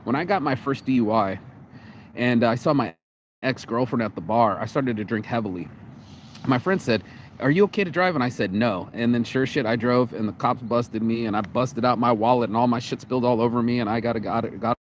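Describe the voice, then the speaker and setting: A man's voice: mid-range voice, a little fast, a little hiss or hum. An American man vlogging outdoors in the cold, talking casually in a rambling, profane way with many restarts and repeated words. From United States. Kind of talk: casual vlog monologue.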